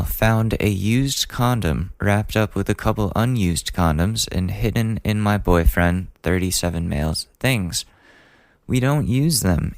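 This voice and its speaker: A man's voice: fairly low pitch, no room sound. A man in his twenties hosting a casual advice podcast, reading listener letters and joking about them. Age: 20s. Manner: chatty and joking, laughs at his own lines. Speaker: podcast host.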